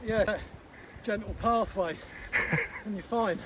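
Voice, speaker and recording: A man co-hosting a podcast, telling an animated story in casual chat. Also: high-pitched, slow, very noisy. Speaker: podcast co-host.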